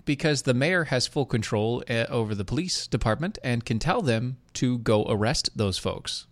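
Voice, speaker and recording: A man's voice: mid-range voice, lively intonation, normal speed, dry recording. A man co-hosting a casual podcast, rambling with restarts and sarcastic asides, reading an ad in between. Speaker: podcast co-host. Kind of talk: casual chat with ad read.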